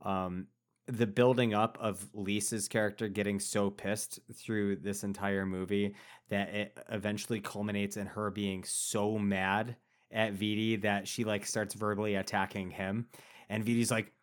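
A man with a somewhat low voice talks casually about a favorite film. He gets excitable and swears, jumping up loudly when he acts out lines. The conversation is loose and informal. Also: a little slow. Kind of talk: casual movie discussion.

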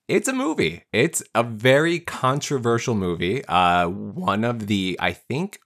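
A man hosting a casual movie podcast, talking quickly and jokingly with his co-hosts. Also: lowish voice, fairly bright tone. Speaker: podcast host.

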